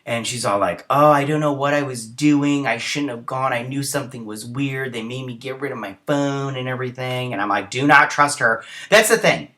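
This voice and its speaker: A man's voice: medium pitch, brisk, few pauses, a bit bright. A young man hosting a casual TV episode review, retelling scenes in a rambling way with many fillers and sounding tired, as it's early in the morning.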